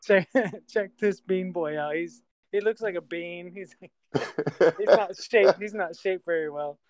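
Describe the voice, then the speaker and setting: A man's voice: high voice, a little slow, a crowd in the background, rough recording. A man hosting a casual livestream, joking and swearing while he fumbles with a computer. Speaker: host.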